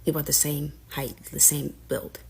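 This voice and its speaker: A woman's voice: low-pitched, little pitch movement, normal speed, gravelly, darkish tone, husky. A young woman casually recounting a personal story, candid and frustrated, acting out the lines of family members as she goes.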